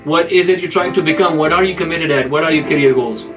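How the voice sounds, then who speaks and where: Earnest man lecturing with a higher voice. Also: fast talker, over music, low-quality recording. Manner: earnest, repeats and restarts phrases. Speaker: neurologist giving career advice. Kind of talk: informal video lecture.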